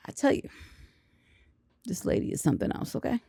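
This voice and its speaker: A woman casually recapping a film with lots of slang and quick acted-out character lines. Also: mellow, dry recording, studio quality. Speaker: movie reviewer.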